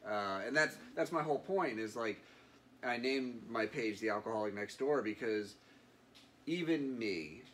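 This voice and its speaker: A man's voice: mid-range voice, expressive, measured pace, fairly bright tone, a little hiss or hum. A man in his thirties, a guest in an interview, telling his story in an earnest, reflective way with many fillers. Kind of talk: candid interview.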